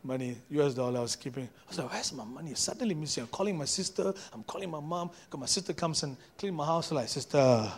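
A man, a pastor preaching a sermon in church. He moves from quiet storytelling to fervent preaching and often repeats or restarts his words. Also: a little high, quick pace, few pauses, slight background noise.

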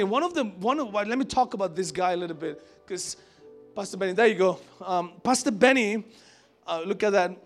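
A pastor from Asia preaches to his church in a high, gravelly voice. He tells his story in a lively, chatty way and acts out the voices he quotes. Soft music plays faintly behind him. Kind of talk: sermon with personal storytelling. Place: church service before a congregation.

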